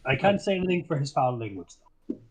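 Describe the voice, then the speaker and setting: A man's voice: fairly high pitch, very animated, fast talker. A man voicing a polite but cruel male wizard who questions a prisoner with cold courtesy. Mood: courteous. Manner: courteous, coldly menacing.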